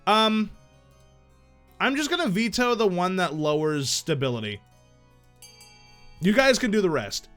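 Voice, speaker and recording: Man, live game streamer, casual and profane, fairly high voice, faint music behind. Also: sing-song, a little slow, pauses often, a bit bright. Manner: casual and profane, thinking aloud.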